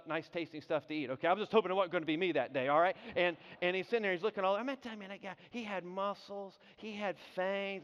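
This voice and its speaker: A man preaching a sermon, telling a story in an animated way, often repeating and restarting his words. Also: sits high, clear, resonant tone. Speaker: pastor. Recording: dull sound with long hall reverb.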